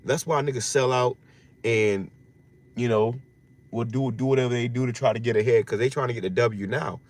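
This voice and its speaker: A man's voice: mid-range voice, steady tone, moderate pace, darkish tone. A man giving an informal scripture teaching in slangy street talk, often repeating phrases and restarting his words. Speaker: religious teacher.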